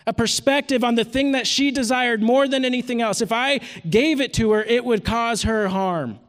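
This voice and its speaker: A man's voice: very high voice, moderate pace, a bit bright. A man in his thirties preaching at a retreat, telling a personal story in an earnest way. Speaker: retreat speaker teaching scripture. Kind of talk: sermon. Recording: long hall reverb.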